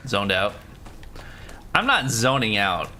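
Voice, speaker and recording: A male livestreamer talks through his game in a relaxed, joking way, dropping swears and answering chat. His voice is bright and sharp, with a pitch that swings widely. Faint keyboard typing sits quietly behind him. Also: slow, slight background noise. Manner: loose, swears freely, jokey asides. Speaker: gaming livestreamer. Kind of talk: casual live game commentary, reading chat.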